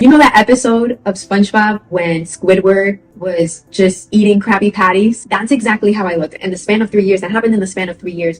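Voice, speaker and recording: A young woman talks casually to camera, sharing a personal story in a chatty, animated way. She laughs often and slips into quick impressions of people. Her voice sits at a middle pitch, with soft music playing faintly behind her. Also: low-quality recording. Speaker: vlogger.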